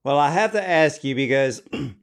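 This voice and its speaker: A man's voice: on the high side, animated, normal speed, vocal fry. A man interviewing a film director, effusive and admiring in his questions. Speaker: interviewer, host.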